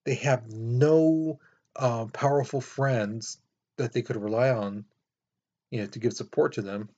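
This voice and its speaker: A male history teacher talks students through a recorded lesson in a loose, chatty way, padding his sentences with fillers and dropping into quick mock voices for countries. His pitch sits in an everyday middle range. The recording sounds dull and lo-fi. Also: fairly even intonation, mellow. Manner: casual, conversational, many fillers like "you know".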